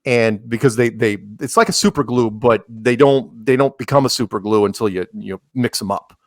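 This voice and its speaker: A man's voice: medium pitch, normal speed, no room sound, studio quality. A man talking as a podcast guest in a rambling way, full of restarts and sarcastic asides. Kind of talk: casual chat.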